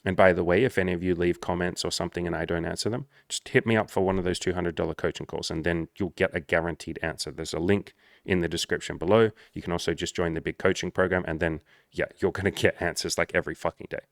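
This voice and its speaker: A low-voiced man coaches the viewer in a blunt, swearing, animated way, like a dating coach talking to camera. The sound is dry and close, with no room echo. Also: fast talker, gravelly. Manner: blunt, profane, animated storytelling. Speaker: social skills coach. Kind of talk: direct-to-camera monologue.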